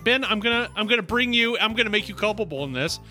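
Playful man co-hosting a casual podcast, high animated voice, joking and rambling. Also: fast, soft background music. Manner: playful, joking, tells stories with many restarts. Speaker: podcast co-host. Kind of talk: casual chat.

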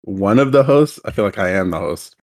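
A man with a lowish voice, chatting casually as the host of a sibling podcast. He jokes and teases often, and he is recorded at home over a voice chat call. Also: animated, brisk, darkish tone. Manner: joking, teasing, laughs often. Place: home, separate rooms.

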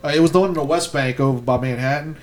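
A man with a slightly high voice rants in casual podcast chat. He is emphatic and swears freely. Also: very fast, background noise. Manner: emphatic, profane, ranting.

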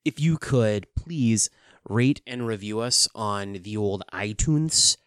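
Woman podcast co-host, very deep voice, lively wry banter, dry sound. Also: takes it slowly, no echo. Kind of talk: casual chat.

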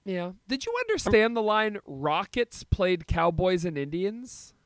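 A man co-hosting a podcast talks loosely about a song. He has a fairly high voice with a lively, swinging pitch. The recording is close and dry. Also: measured pace, clean tone, no room sound. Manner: relaxed, laughing, many fillers. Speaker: podcast co-host. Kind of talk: casual chat about music.

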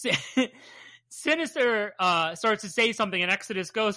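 A comic podcast co-host talks through the issue in a relaxed, candid way, slipping into dry sarcasm now and then. The voice is bright and forward, with a medium pitch. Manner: measured, candid, playfully sarcastic. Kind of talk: casual chat.

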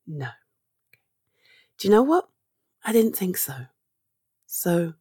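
A woman speaks in a gentle, reassuring comfort role-play, her voice mellow and breathy. She talks slowly and sometimes sinks to a whisper. The sound is close and dry. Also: mid-range voice, sing-song, dry recording. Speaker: audio role-play performer.

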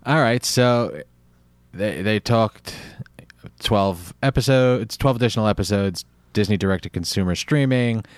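A man's voice: fairly low pitch, a little slow, clear, resonant tone, dry recording. A man hosting a casual chat, laid-back and laughing often. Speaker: podcast host.

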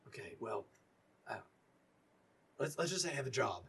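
A man voicing a flustered male police captain in a tabletop game, who talks in a hurried, stammering and apologetic way. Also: mid-range voice, sing-song, fairly bright tone, husky, full character voice. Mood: urgent.

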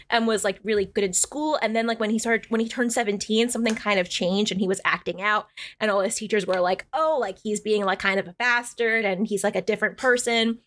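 A woman's voice: fairly high pitch, a bit bright. A woman co-hosting a podcast, casually recapping a story in a chatty manner full of swearing and "like". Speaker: podcast co-host.

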